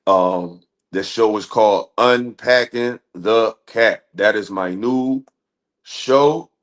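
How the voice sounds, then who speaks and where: A man's voice: on the low side, takes it slowly. A man hosting a live stream, talking casually to his audience in loose slang with many fillers. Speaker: livestream host.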